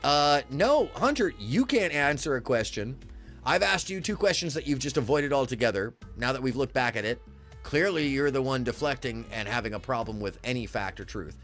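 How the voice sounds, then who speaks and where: A man ranting on a livestream, indignant and full of curses. His pitch leaps up and drops all over the place, and he sounds sarcastic toward his chat. Faint music plays behind him. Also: animated, moderate pace, a bit bright. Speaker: livestream host. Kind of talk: heated livestream rant at chat.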